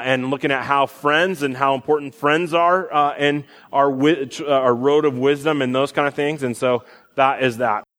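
A young pastor in his twenties or thirties preaches a sermon in a fairly high, fairly bright voice. He talks conversationally, with fillers and restarts, and the recording carries a long hall reverb.

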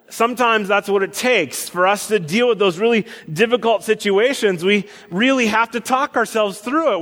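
A man's voice: high voice, a bit bright. A young man in his twenties or thirties preaching a sermon, talking conversationally with fillers and restarts. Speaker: pastor. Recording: long hall reverb.

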